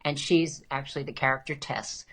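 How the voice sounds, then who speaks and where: Low-voiced animated woman author. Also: a little fast, slightly rough. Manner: animated, emphatic storyteller with frequent restarts. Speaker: guest author. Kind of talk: conversational interview.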